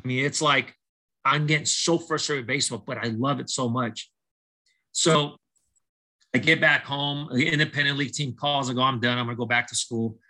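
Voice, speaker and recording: A medium-pitched man speaks at a moderate pace over poor audio. A middle-aged baseball coach appearing on a podcast, he shares his life story as storytelling testimony, acting out the dialogue animatedly and often beginning his sentences again.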